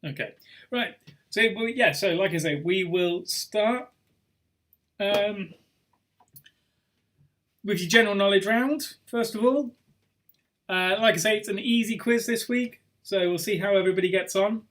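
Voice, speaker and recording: Chatty young quiz host. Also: male voice, high-pitched, unhurried, pauses often, a bit bright. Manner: chatty and rambling, drifting off topic with chuckles. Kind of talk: live online pub quiz hosting.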